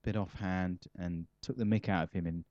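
A man's voice: low-pitched, steady tone, moderate pace, darkish tone, no echo. This man talks in a loose, rambling way, full of self-mockery and dry wit. He answers interview questions casually as a comic guest. The recording is slightly dull and dry. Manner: rambling, self-mocking, wry. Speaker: comedian interviewee.

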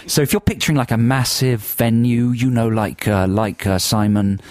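A man co-hosting a radio show, bantering playfully with quick jokey asides. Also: mid-range voice, steady tone, darkish tone, no room sound, clean studio sound. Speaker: radio co-host. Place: radio studio. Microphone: studio microphone.

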